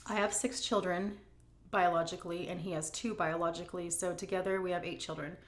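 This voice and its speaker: A woman's voice: on the low side, fairly even intonation. Candid middle-aged woman, echoey room. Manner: candid, emotional, drawn-out emphasis. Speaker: vlogger answering viewer questions. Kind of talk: casual Q&A chat.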